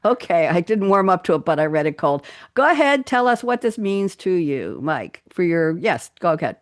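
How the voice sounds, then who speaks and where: A woman's voice: on the low side, big pitch swings, moderate pace, no echo. A woman hosting a live talk show, chatty and upbeat, speaking into a studio microphone. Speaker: host.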